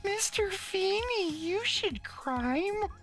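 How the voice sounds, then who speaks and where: A man voicing a mean young schoolboy who taunts his teacher in a high, sing-song, mocking drawl. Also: very animated, takes it slowly, fairly bright tone, soft background music, full character voice. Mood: taunting.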